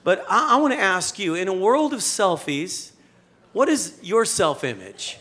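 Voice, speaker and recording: Animated, joking male preacher. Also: high voice, unhurried. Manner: conversational, animated preaching with jokes and rhetorical questions. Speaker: pastor. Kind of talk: sermon.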